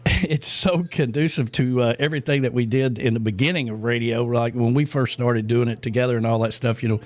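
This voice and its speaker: A man's voice: mid-range voice, steady tone, brisk, no room sound. A middle-aged man co-hosting a radio show in casual chat, rambling with lots of fillers and restarts.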